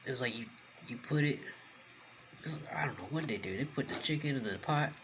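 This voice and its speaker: A man's voice: mid-range voice, expressive, quick pace, noisy background. A young man, chatting casually to the camera while he eats, rambling and talking with food in his mouth. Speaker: mukbang vlogger.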